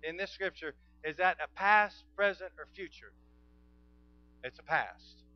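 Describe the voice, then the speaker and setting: A man preaching a sermon, swinging from soft to loud and calling out to the congregation for responses. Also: sits high, expressive, unhurried, dry recording. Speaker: pastor. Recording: dull lo-fi sound.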